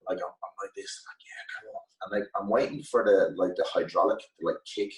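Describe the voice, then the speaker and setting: Low-voiced Irish man telling a story. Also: fast. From Ireland. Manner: lively anecdote-telling, loose and profane. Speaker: guest. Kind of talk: casual storytelling chat. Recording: echoey room, mic at a distance.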